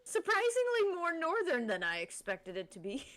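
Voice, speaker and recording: A woman playing in a tabletop role-playing game, chatty and quick to joke. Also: very high voice, huge pitch swings, a bit bright, no echo. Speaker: player. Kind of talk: tabletop role-play chat.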